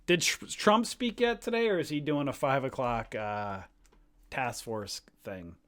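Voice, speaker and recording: A man with an average-pitched voice hosts a live stock-trading stream in a loose, chatty way. He rambles and jokes as he goes, talking straight to his viewers. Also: unhurried, fairly bright tone. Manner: chatty, jokey, rambling, laughs easily. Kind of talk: casual live-stream commentary.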